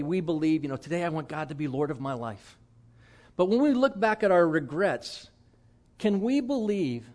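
A man's voice: on the high side, darkish tone. A middle-aged man preaching a sermon as pastor, telling stories in a candid, self-deprecating, conversational way.

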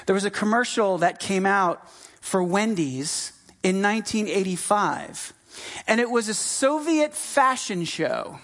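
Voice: mid-range voice, animated, unhurried, fairly bright tone. A middle-aged pastor from the United States giving a sermon in a conversational, emphatic way, repeating key phrases. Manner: conversational, with frequent fillers and restarts.

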